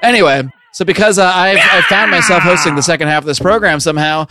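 A man's voice: sits high, fast talker, heavy background noise. A man hosting a casual, joking podcast segment, rambling and laughing as he goes. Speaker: podcast host. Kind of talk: casual comedic podcast banter.

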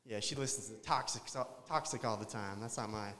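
A man with a lowish voice, talking a little fast, delivers a crude, meandering open-mic stand-up set while tipsy, addressing the crowd and chuckling at his own jokes. The recording has a long hall reverb.

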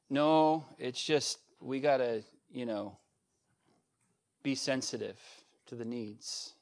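A middle-aged male pastor preaching a sermon, swinging between raised emphasis and quiet, conversational asides. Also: mid-range voice, slow pace. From United States.

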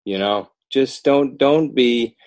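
A man talking casually about his children's book as an interview guest, animated and often breaking off to restart his sentences. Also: mid-range voice, takes it slowly, no room sound. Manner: animated, self-interrupting, rising emphasis.

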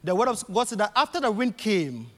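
A male preacher delivers a sermon in a reverberant church hall, his voice pitched high and swinging widely. He drives his points home by repeating them, with soft music running faintly underneath. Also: big pitch swings, fairly quick. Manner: emphatic, repetitive preaching with rising bursts.

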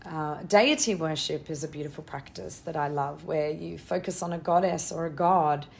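Low-voiced woman, earnest and unhurried. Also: gravelly. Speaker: interview guest, tantra teacher. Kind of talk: casual spiritual conversation. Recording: faint background noise.

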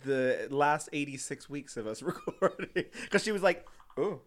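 Giggly, animated young man co-hosting. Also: on the high side, moderate pace. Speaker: podcast co-host. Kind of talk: casual chat.

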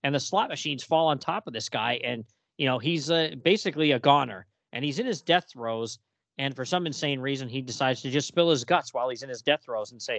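Lively, exasperated man on a podcast. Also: mid-range voice, fairly quick, dry recording. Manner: animated, exasperated, reads panel dialogue aloud in character. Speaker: podcast co-host. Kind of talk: casual comic book podcast chat.

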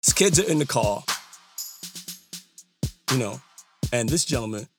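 A man's voice: mid-range voice, animated, unhurried, over music. A man giving heated political commentary, emphatic and repeating himself, with casual slang.

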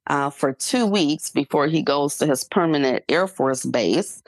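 A middle-aged woman co-host with a low voice talks in a loose, chatty way, full of fillers and little laughs. She is recorded close and dry, with no room sound. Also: expressive, a little slow, no echo. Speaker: podcast co-host. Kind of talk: casual chat.

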